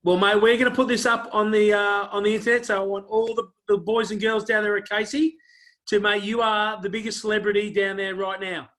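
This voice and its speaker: A man's voice: high-pitched, level tone, a little fast. A man hosting an interview show, talking casually and heaping praise on his guest with lots of fillers. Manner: effusive, warm praise, many fillers.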